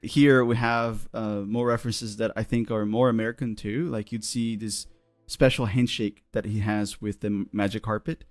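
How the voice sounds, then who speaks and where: A man's voice: on the low side, flat delivery, moderate pace, faint music behind. A man co-hosting an English lesson, quoting film lines and asking his partner questions. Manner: asks questions, quotes clips. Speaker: co-host, English teacher. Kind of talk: casual teaching chat.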